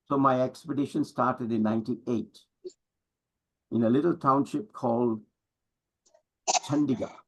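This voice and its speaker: A man's voice: mid-range voice, fairly even intonation, measured pace, pauses often, poor audio. A middle-aged man giving an emphatic motivational talk to an audience as a business coach, full of rhetorical questions.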